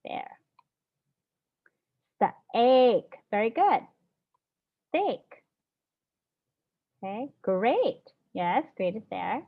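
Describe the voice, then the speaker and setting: A woman's voice: a little high, very animated, extremely slow, pauses often. A woman teacher leading a phonics lesson, patiently sounding out words and praising her students. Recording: dull lo-fi classroom audio.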